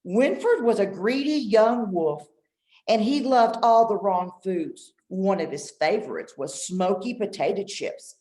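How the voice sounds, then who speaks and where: A woman's voice: mid-range voice, expressive, a little slow, warm tone, roomy sound, rough recording. A woman leading a nutrition lesson for kindergarten children, speaking in an exaggerated teacher voice and having them repeat phrases after her. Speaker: extension nutrition educator.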